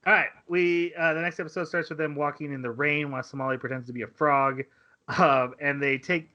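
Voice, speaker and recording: A man hosting a casual podcast, eagerly recapping an anime's plot and acting out quick bits of dialogue. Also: on the high side, highs cut off. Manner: excited recapping with quick acted-out quotes. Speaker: podcast host.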